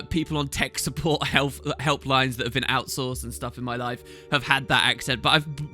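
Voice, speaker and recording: A man's voice: a little high, pushed and bright. A man hosting a gaming channel, answering viewer questions in a chatty, rambling way as he thinks aloud. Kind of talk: casual Q&A chat.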